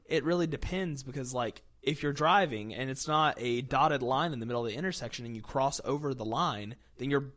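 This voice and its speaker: A man's voice: mid-range voice, fairly quick, hardly any pauses, a bit bright. A young man from West Virginia hosting a casual podcast chat, sarcastic and laughing often. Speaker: podcast host.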